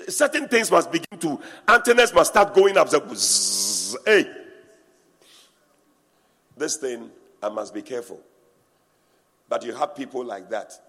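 A man preaching a sermon, animated and teasing, breaking into laughter and acting out what people say. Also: medium pitch, breathy edge. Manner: animated preaching with laughter and mimicry of church talk. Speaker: pastor. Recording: reverberant hall.

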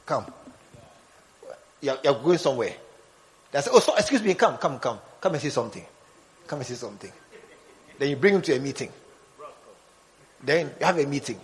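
A man preaching a lively sermon, acting out little scenes and joking with his congregation. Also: mid-range voice, big-room sound, a little hiss or hum, low-quality recording. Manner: animated, acts out scenes, jokes with the congregation.

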